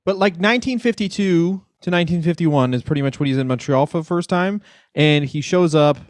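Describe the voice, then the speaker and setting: Animated man with a higher voice, profane. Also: brisk, no echo. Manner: animated, profane comic bits, jumps into high voices. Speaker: podcast co-host. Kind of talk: casual comedic chat.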